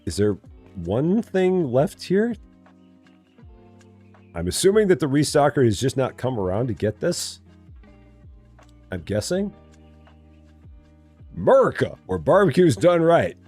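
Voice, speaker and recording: A man's voice: medium pitch, big pitch swings, unhurried, pauses often, warm tone, husky, soft background music. A man casually commenting as he plays a store-building game on a live stream, chatting to viewers and joking to himself. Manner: chatty, talks to himself and chat, jokey mock voices. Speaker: streamer playing a store simulator.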